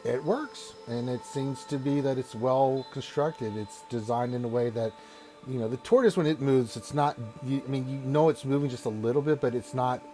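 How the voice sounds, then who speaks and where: A man's voice: mid-range voice, moderate pace, mellow, soft background music. A man narrating a tabletop game as game master, rambling with restarts.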